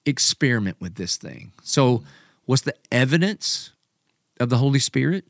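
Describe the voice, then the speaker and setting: A man's voice: medium pitch, moderate pace, no echo, clean studio sound. A man telling a story in a casual podcast chat, acting out what he and others said. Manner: animated storyteller, quotes himself and others. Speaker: pastor and podcast host.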